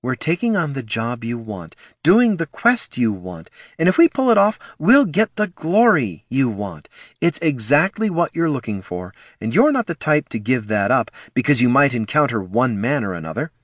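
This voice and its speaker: A man's voice: mid-range voice, very animated, moderate pace, dry recording, clean studio sound, voice pushed up. A man voicing a confident female elf ranger who coaxes and persuades. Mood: persuasive. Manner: coaxing, persuasive, sure of herself.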